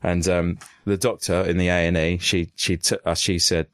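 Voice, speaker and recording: Deep-voiced man telling crude stories. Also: level tone, normal speed, smooth, no echo, studio quality. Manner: rambling, crude, jokey anecdotes. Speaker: podcast co-host. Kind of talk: casual storytelling chat.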